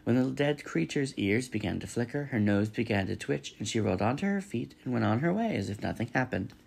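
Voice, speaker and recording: A man reading a children's novel aloud in a steady storytelling manner, with a gravelly voice. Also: medium pitch, fairly quick. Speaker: reader.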